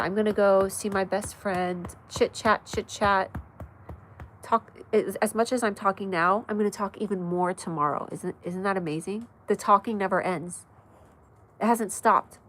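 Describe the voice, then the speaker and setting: A woman hosting a casual livestream from her mother's house at night, chatty and rambling, reading the chat aloud with frequent laughs and sudden excited shouts. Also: mid-range voice, normal speed, slight background noise. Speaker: livestream host.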